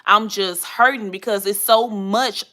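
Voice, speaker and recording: A young adult woman vlogging to her viewers, chatty and animated, acting out the people in her story as she tells it. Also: mid-range voice, measured pace.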